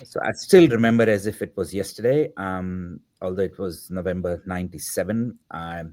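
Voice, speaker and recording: A middle-aged man with a low voice recounts a story as a podcast guest, animated throughout. He slips into the voices of the people he describes and keeps the tale moving. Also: moderate pace. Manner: animated, acts out the dialogue of the people in his story. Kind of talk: storytelling in an interview.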